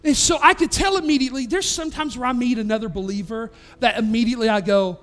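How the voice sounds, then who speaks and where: A man's voice: extremely high pitch, fast, few pauses, a bit bright. A man preaching as a pastor, telling a story in an earnest, conversational way with frequent restarts. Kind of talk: storytelling sermon.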